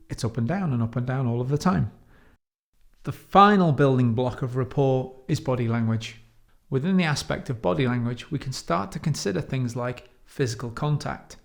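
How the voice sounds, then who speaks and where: A man from the United Kingdom giving a measured teaching talk on coaching, slowing down to stress key words. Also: medium pitch, creaky. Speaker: coach trainer.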